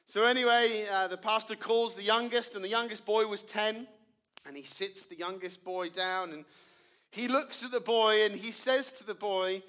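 A man, a pastor preaching a sermon and telling a story, earnest, with dramatic drops to quiet. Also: sits high, moderate pace.

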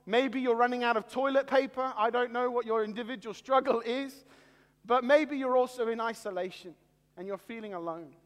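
High-voiced pastor preaching in a reverberant hall. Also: male voice. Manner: earnest, deliberate preaching with slow dramatic pauses. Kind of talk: sermon.

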